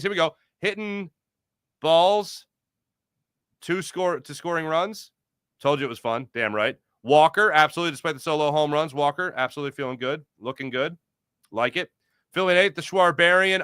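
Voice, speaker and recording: A man's voice: a little high, clear, resonant tone, dry recording, studio quality. Upbeat man hosting a sports podcast. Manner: energetic, rambling, jokey. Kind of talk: live postgame chat reading viewer comments.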